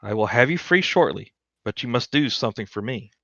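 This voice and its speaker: A man voicing a soft-spoken noble lady. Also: mid-range voice, lively intonation, a little fast, vocal fry, no echo, dull audio. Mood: soothing.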